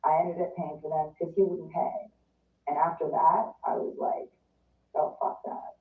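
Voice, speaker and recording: A woman's voice: low-pitched, little pitch movement, moderate pace. A woman guest in a casual interview, telling a story in a chatty way, full of "like" and acted-out quotes. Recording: distant, roomy, phone-like sound.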